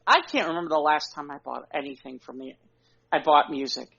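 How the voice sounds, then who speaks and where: Fairly high and fairly quick, this co-host's voice is creaky, sharp-toned and slightly rough. His casual podcast chat is frank and conversational, full of "you know." The recording has a dull, lo-fi quality.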